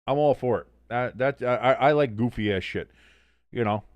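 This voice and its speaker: A man's voice: mid-range voice, moderate pace, no echo, dull audio. A man hosting a casual live-stream watch-along, reading chat aloud and swearing freely as he reacts. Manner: profane, animated, reads chat aloud.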